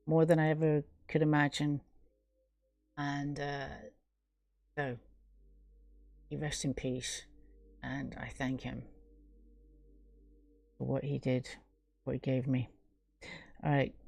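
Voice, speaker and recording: A woman's voice: deep voice, gravelly, darkish tone, no echo. A middle-aged woman hosting a live stream, talking to her viewers in an earnest, rambling casual monologue.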